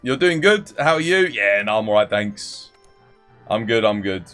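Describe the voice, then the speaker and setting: A man's voice: on the low side, expressive, moderate pace, a bit bright, faint music behind. A man live-streaming a game, chatting casually, greeting viewers by name and explaining game mechanics. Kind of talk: casual live-stream chat and gameplay tips.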